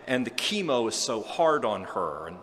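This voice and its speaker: A man preaching a homily, his voice trailing off into the long reverb of a large church. He tells his story in an earnest, gentle way, with quiet touches of dry humor. His pitch sits in an ordinary middle range. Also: very animated, normal speed. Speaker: priest.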